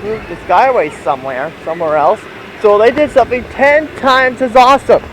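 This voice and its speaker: A man's voice: high-pitched, fairly quick, poor audio. A young man vlogging while walking outdoors in a theme park, rambling with restarts and slightly out of breath, recorded on a handheld camera. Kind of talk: casual walking vlog. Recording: outdoor camera audio with loud ambient noise.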